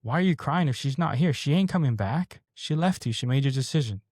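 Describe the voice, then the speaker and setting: A man's voice: medium pitch, animated, a little fast, a little mellow, dry recording, clean studio sound, close to an everyday voice. A young man quoting his stern mother, who scolds her heartbroken son in a matter-of-fact way. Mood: scolding.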